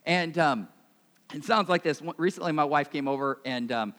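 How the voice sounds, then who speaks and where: A man preaching a sermon in a conversational, self-mocking way, his voice swinging between loud and quiet. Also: a little high, normal speed, long reverb tail. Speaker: pastor.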